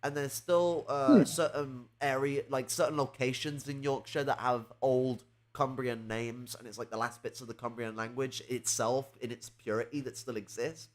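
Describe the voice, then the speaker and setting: A man rambles through a casual conversation, full of ums and likes, with now and then a curse thrown in. His voice sits at a middling pitch. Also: steady tone, normal speed, few pauses, slight background noise. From England. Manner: rambling, lots of fillers and swearing. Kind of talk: casual chat.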